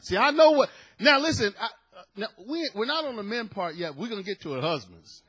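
A middle-aged male pastor preaching a sermon through a story, swinging from hushed telling to loud shouted points and acting out the people in it. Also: very high-pitched, animated, fairly quick, slightly rough. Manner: acts out the people in his story with voices.

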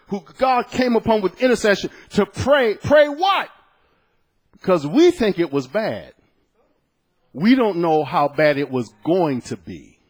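In his sermon, a pastor shares a personal story that swings between booming exclamations and soft, hushed moments. His voice is high with a breathy edge.

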